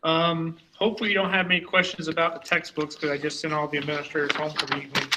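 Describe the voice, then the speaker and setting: A man reports as superintendent at a school board meeting. He rambles in a loose, conversational way. His voice is bright and slightly high, with a flat pitch. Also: quick pace, a little hiss or hum, poor audio. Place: meeting room.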